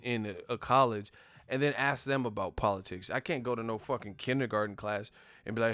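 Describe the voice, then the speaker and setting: A young man with a fairly low voice hosts a boxing live stream, talking fairly quickly on a dry recording. He rants with casual profanity and lots of energy, imitating the people he's going on about.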